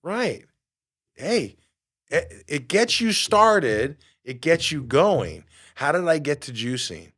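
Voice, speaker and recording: A man's voice: a little high, big pitch swings, slow, fairly bright tone. A middle-aged man hosting a motivational podcast. He talks emphatically and a little preachy, throws rhetorical questions at the listener and swears casually. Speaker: podcast host.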